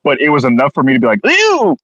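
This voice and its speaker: A man's voice: medium pitch, steady tone, racing, fairly bright tone, highs cut off. A man casually telling a crude, funny story, swearing constantly and acting out what people said. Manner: crude, swears constantly, acts out quotes with voices.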